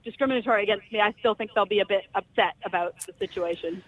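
A woman's voice: mid-range voice, quick pace, a bit bright, low-quality recording. A woman calling in to a radio show, a little hesitant and giggly. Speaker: caller. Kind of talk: phone-in chat.

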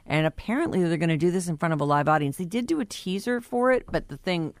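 A woman's voice: lowish voice, expressive, quick pace. A woman co-hosting a radio talk show, chatting casually as she reads out entertainment news items with her own asides.

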